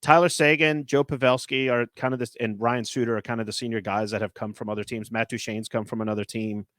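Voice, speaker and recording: A man hosting a casual sports podcast, talking in an animated, rambling way with lots of filler words. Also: mid-range voice, quick pace, dry recording, studio quality. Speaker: podcast host.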